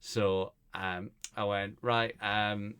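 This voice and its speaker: A man's voice: lowish voice, little pitch movement, very slow, fairly bright tone, smooth. A man co-hosting a casual podcast, telling a meandering comedy anecdote full of restarts. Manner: meandering storyteller, many fillers and restarts. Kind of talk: casual chat, rambling anecdote.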